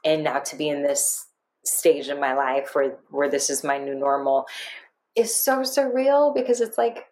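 A woman co-hosting a podcast, talking through her feelings in a rambling, emotional way with lively quoted asides. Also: low voice, a little slow. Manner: emotional, rambling, animated quoting. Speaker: podcast co-host. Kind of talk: casual podcast chat.

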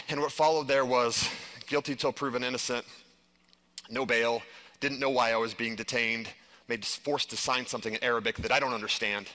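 Bright-voiced man telling a story on stage. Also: mid-range voice, fairly quick. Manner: animated storytelling, heavy use of "like". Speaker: conference speaker. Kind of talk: live stage presentation.

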